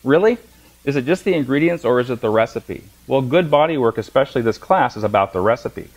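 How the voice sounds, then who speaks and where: Fast-talking male massage instructor. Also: medium pitch, animated, rough recording. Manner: storytelling with humor, acts out voices. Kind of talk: lecture to a class.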